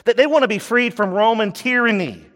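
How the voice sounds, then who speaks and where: A man preaching a sermon as pastor, animated and laughing as he acts out the people he quotes. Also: very high voice, fairly quick. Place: church sanctuary. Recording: church hall reverb.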